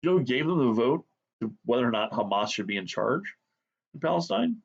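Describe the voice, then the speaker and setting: A man's voice: mid-range voice, big pitch swings, brisk, creaky, breathy edge. Profane ranting man, muffled audio. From United States. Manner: blunt, profane, sarcastic. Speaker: art vlogger. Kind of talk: profane rant while drawing.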